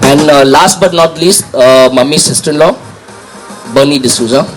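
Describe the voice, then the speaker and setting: A man hosts an award ceremony, speaking casually and haltingly to a crowd over a handheld microphone. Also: fairly high pitch, over loud music, poor audio. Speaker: ceremony host. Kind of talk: informal welcome speech.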